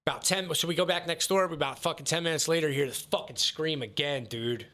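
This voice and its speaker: A man's voice: on the high side, a little fast. A man casually telling a story, cursing often and acting out each person's lines. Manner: profane, animated, acts out quotes.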